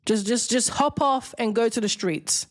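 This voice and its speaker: A woman's voice: fairly high pitch, normal speed. A woman hosting a live-stream debate, talking in a combative, mocking, lecturing way to her viewers. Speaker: livestream debate host. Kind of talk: confrontational live-stream rant.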